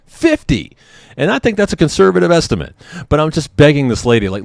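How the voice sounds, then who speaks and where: A man's voice: fairly high pitch, sing-song, quick pace, vocal fry, dry recording, studio quality. A man in his thirties, a service member, venting in a confessional vlog in an emotional, agitated and profane way. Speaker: military member vlogger.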